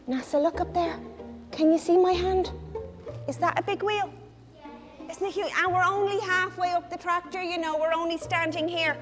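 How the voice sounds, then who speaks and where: An Irish woman who teaches farm safety speaks in a very high-pitched voice at a brisk pace, with soft music in the background. In documentary interviews and classroom talks she is lively, addressing schoolchildren with lots of questions.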